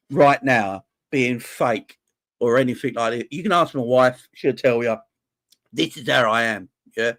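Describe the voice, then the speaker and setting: A man with a mid-range, slightly bright voice hosts a live fan chat stream about football. He's an adult, married with a wife and kids, and he comes across as passionate and emotional, often repeating himself.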